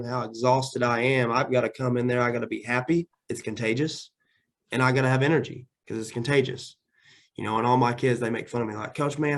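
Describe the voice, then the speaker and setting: A man's voice: mid-range voice, vocal fry. A man who coaches football and teaches, answering interview questions energetically and often repeating words as he restarts.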